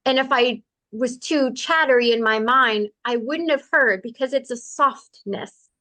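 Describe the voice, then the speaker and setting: A woman's voice: high voice, pushed and bright, no echo. A woman telling personal stories as a podcast guest in an earnest, conversational way, speeding up in bursts. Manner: earnest, quick bursts of speech with laughs. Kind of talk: conversational storytelling.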